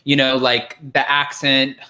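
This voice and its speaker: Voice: mid-range voice, level tone, unhurried, bright, forceful tone. A co-host on a live recap show, chatting casually, restarting thoughts and mimicking the people discussed. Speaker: podcast co-host.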